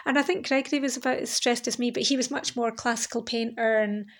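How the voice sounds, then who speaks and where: Reflecting aloud on her solo podcast, the host rambles candidly and lets the occasional swear word slip. She talks fast, with a slightly high voice and a steady tone.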